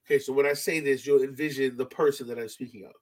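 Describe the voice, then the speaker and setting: Husky, laid-back man joking around. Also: mid-range voice, fairly even intonation, fast. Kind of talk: casual storytelling chat.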